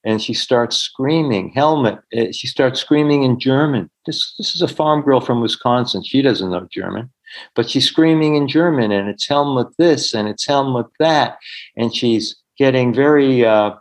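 A man's voice: mid-range voice, poor audio. A middle-aged man, a healer, telling stories in an interview in an earnest way and acting out the voices of the people he quotes. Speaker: healer, podcast guest. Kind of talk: storytelling in an interview.

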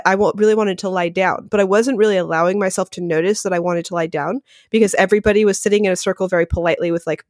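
Woman, podcast guest, quick animated delivery, mid pitch, filler-heavy casual talk. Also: no room sound, clean studio sound. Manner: rapid and animated, heavy use of "like". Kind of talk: casual conversational interview.

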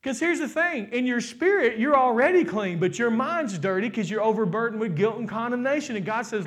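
A young adult man preaching a sermon, asking the congregation questions and building to loud, emphatic shouts. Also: very high voice, expressive, a little fast, few pauses. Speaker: pastor.

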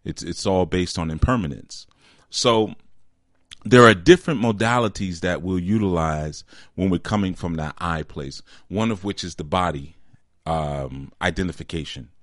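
A man giving an informal spiritual teaching, conversational and deliberate, often checking in with "you see?" and slowing down to stress key words. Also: low-pitched, no echo, studio quality.

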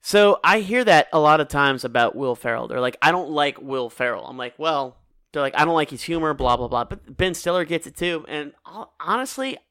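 A man's voice: on the high side, expressive, fairly quick, bright, forceful tone, smooth, no room sound, studio quality. A man co-hosting a podcast, chatting casually and animatedly, laughing often. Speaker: podcast co-host. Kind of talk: casual chat.

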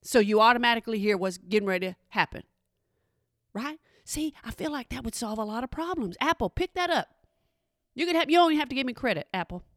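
Chatty woman, bright voice. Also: on the high side, lively intonation, quick pace, dry recording, clean studio sound. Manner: chatty, playful, asks the audience questions. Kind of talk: casual comedic talk to an audience.

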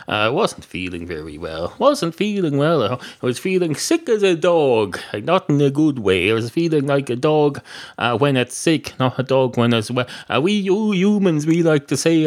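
Rambling Irish man musing deadpan. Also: mid-range voice, normal speed. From Ireland. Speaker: podcast host. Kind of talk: rambling comic monologue.

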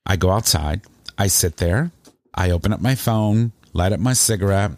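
Low, dry-voiced man telling a story. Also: normal speed, dry recording. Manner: animated, rambling, emotional storyteller. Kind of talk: casual storytelling chat.

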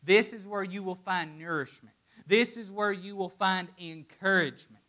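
A man preaching a sermon to a congregation, swinging between loud, emphatic declarations and hushed, quiet asides. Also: sits high, fairly even intonation, normal speed.

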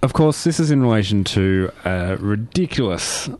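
Man, lowish voice, halting casual podcast chat. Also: lively intonation, darkish tone, no room sound. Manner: hesitant, with many restarts and fillers. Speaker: podcast co-host.

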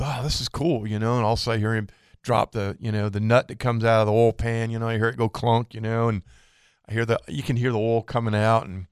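A man's voice: on the low side, smooth, no room sound, clean studio sound. A man co-hosting a radio fishing show, telling a long story with laughs and acting out the people in it. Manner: animated storyteller, acts out quotes with laughs. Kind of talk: casual radio chat, storytelling. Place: radio studio.

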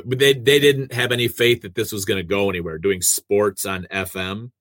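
Radio man, lowish voice, dry close mic, chatty self-deprecating storyteller. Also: normal speed, hardly any pauses, a bit bright, dry recording. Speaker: radio host and producer. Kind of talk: casual conversational storytelling.

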